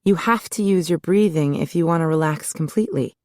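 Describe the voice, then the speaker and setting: A woman's voice: sits low, a little fast, a little mellow, no echo, studio quality, close to an everyday voice. A woman voicing a spirited young heroine who teases and questions lightly in an audiobook. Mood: coaxing.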